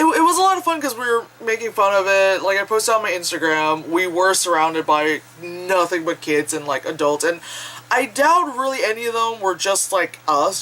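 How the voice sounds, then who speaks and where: A woman's voice: deep voice, a bit bright, slight background noise, poor audio. A woman chatting casually in a vlog, rambling, swearing freely and laughing often. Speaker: vlogger.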